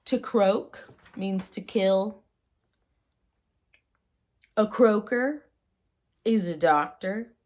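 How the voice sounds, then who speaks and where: A woman vlogging casually about slang, playful and rambling, with jokey asides and quick tangents. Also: mid-range voice, darkish tone. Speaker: vlogger explaining old slang. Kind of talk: casual chat.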